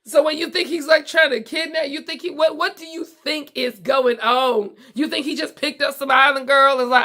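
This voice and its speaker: Her voice high-pitched and her pace moderate with few pauses, the US comedy show host narrates a story from her home basement, lively and casual, often dropping off mid-sentence.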